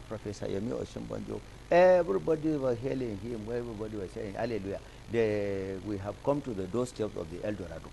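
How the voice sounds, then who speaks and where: A man's voice: medium pitch, creaky, a little mellow, a little hiss or hum, rough recording. A Nigerian man giving impassioned, rhetorical commentary as a guest on a studio talk show, stacking up repeated phrases. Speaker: political analyst guest. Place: television studio.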